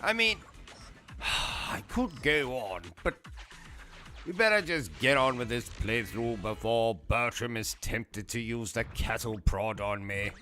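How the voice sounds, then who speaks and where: A man's voice: medium pitch, expressive, unhurried, sharp tone, faint music behind. A man with a British accent hosting a gaming livestream, ranting in a pompous, insulting, theatrical comic manner. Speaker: gaming YouTuber. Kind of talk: comedic livestream rant.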